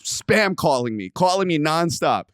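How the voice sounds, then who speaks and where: A young man hosting a podcast, casually telling a story with lots of profanity and sudden loud outbursts. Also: a little high, very animated, unhurried, clear, resonant tone, no echo, clean studio sound. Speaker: podcast host.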